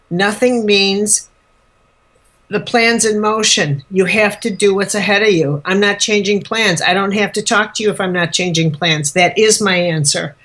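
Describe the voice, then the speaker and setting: A woman's voice: medium pitch, a bit bright. A woman teacher giving a live spiritual lecture, speaking emphatically and bluntly, repeating words for force.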